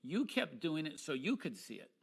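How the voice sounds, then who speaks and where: A man giving polite, quick suggestions to a fellow magician during a casual workshop. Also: fairly high pitch, big pitch swings, slightly rough.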